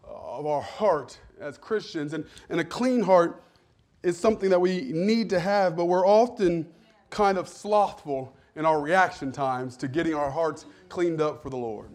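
A man's voice: fairly high pitch, a little slow, a little mellow. A male pastor giving a sermon with humorous, self-deprecating stories.

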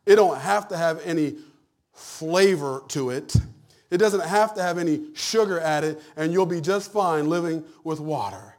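A man preaching a humorous, animated sermon, jumping from loud punchlines to hushed asides. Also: on the high side, unhurried. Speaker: pastor.

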